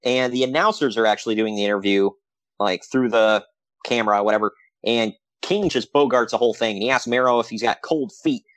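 A man's voice: medium pitch, dry recording. A man co-hosting a podcast, chatting casually about old wrestling shows with sarcastic asides. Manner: animated, sarcastic asides, quick laughs. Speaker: podcast co-host.

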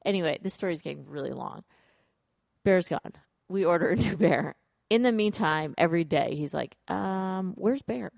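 A woman's voice: low-pitched, normal speed, creaky, a little mellow, no echo. A woman co-hosting a parenting podcast, telling a family story in casual chat, often acting out what people said. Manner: storytelling with quoted voices and laughs. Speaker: podcast co-host.

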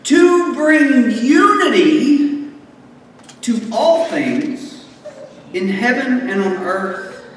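A man's voice: very high voice, sing-song, drawn-out words, long pauses. A man preaching a sermon in a conversational way, joking and making asides as he explains scripture. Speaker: pastor. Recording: echoey hall, distant mic, faint room noise.

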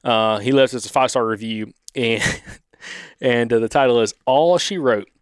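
A man's voice: medium pitch, normal speed, clear, resonant tone, dry recording. A Southern man from Alabama co-hosting a casual podcast, laughing often and stumbling over his words. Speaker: podcast co-host.

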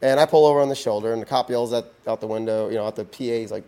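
A man's voice: medium pitch, rapid-fire, warm tone. A man, a podcast guest, tells a long story casually, full of restarts and "you know"s.

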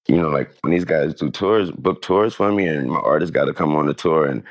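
A man's voice: very deep voice, fairly quick, no echo, muffled recording. A man speaking as an interview guest, loose and rambling, full of restarts and fillers. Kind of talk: casual interview talk.

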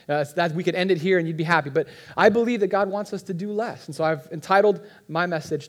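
A man's voice: a little high, fast talker, hardly any pauses. A man in his thirties giving a guest sermon in a church, talking conversationally and joking with the congregation. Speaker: guest pastor.

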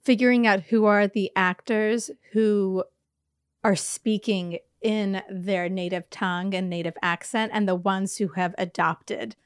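A woman's voice: medium pitch, steady tone, a little slow, smooth, dry recording, studio quality. A woman co-hosting a podcast, talking in a chatty, casual way full of "like" fillers. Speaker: podcast co-host.

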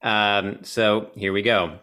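A man's voice: on the low side, fairly even intonation, slow pace, pushed and bright, smooth. A man co-hosting a casual podcast, self-deprecating and hesitant, with lots of ums. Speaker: podcast co-host. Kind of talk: casual chat.

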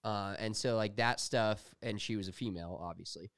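A young man co-hosting a podcast, telling animated, profane stories in casual chat. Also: on the low side, normal speed, clear, resonant tone, no echo, clean studio sound. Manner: animated storytelling, swears freely. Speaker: podcast co-host.

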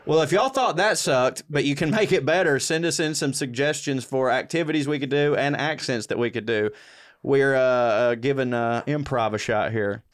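A man's voice: medium pitch, moderate pace. A man co-hosting a comedy podcast, rambling in a self-deprecating way and laughing as he talks. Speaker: podcast co-host. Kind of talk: casual comedic chat.

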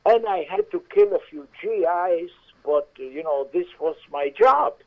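A man's voice: high-pitched, lively intonation, moderate pace, pitched above the performer's own voice. A man voicing a boastful male ex-soldier maitre d' with a put-on foreign accent, heard over a tinny phone line. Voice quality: proud, matter-of-fact bragging.

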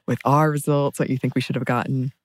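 A woman co-hosting a podcast, easygoing and quick to giggle. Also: extremely low pitch, little pitch movement, no room sound, clean studio sound. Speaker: podcast co-host. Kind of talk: casual chat.

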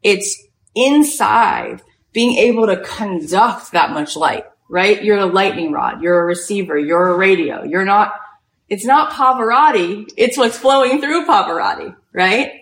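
A woman's voice: mid-range voice, measured pace. A woman hosting a podcast, giving an inspirational talk and telling a story with lots of "like" in her speech. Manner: animated storytelling, heavy use of "like". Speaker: podcast host and retreat leader. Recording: echoey room.

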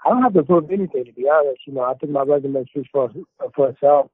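A man, a fighter, answering interview questions in a steady, self-assured way. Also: fairly high pitch, fast, husky, dry recording. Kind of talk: casual interview. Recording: dry, tinny phone-like line.

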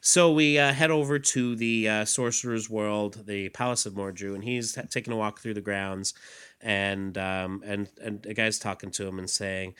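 A man's voice: on the low side, steady tone, moderate pace, fairly bright tone, clean tone. A man in casual chat, retelling a comic's story and acting out its lines, laughing often. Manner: laughs often, acts out lines in mock voices. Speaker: podcast host reading a comic aloud. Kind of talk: casual chat, reading dialogue.

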